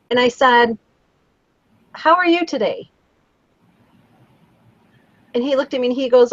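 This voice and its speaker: An earnest woman chatting on a live stream, a touch higher than most. Her voice is close and dry, and the sound is dull and lo-fi. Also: no echo. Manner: earnest, storytelling, encouraging. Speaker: co-host of a daily live show. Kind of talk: casual live-stream chat.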